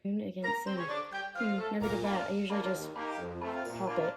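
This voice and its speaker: A woman's voice: mid-range voice, flat delivery, moderate pace, loud music behind the voice. A young woman in her twenties vlogging in a chatty, giggly way, with lots of "like" and "um". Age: 20s. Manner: chatty and giggly, many fillers like "like" and "um". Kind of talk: casual vlog chat.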